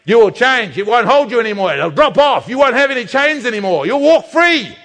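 A high-voiced man preaching with a bright, sharp edge and a lively, swooping delivery. He hammers home points with emphatic, slowed phrases. His voice carries a long reverb, as if from a large hall. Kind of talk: sermon.

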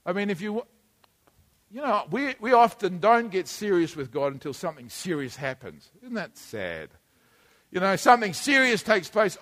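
A man preaching a sermon in a conversational way, shifting between quiet asides and emphatic bursts. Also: high-pitched, sing-song, normal speed, long pauses. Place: church hall. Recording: long hall reverb.

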